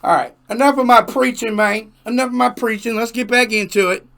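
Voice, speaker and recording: High-voiced gravelly man reacting to music. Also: fairly quick. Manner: animated, emphatic, repeats himself. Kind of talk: casual reaction commentary.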